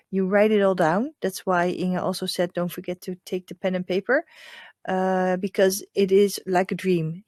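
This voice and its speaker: Dutch-accented woman, slow and soft. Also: no echo, studio quality. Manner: soft, lowered hypnotic voice in the guided part; chatty, warm welcoming with many fillers. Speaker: hypnotherapist leading a group session. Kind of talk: casual chat, then slow guided meditation.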